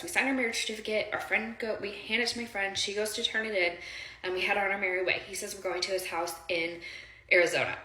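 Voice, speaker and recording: A woman with a pushed, bright, medium-pitched voice recounts her past for her viewers in a casual, rambling, heartfelt way. She uses lots of fillers and talks directly to the audience, with a roomy echo around her.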